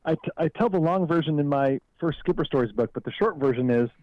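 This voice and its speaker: A man's voice: fairly high pitch, fast talker, no echo, lo-fi sound. A man from Southern California, a guest author telling stories in a casual interview with a wry, joking manner.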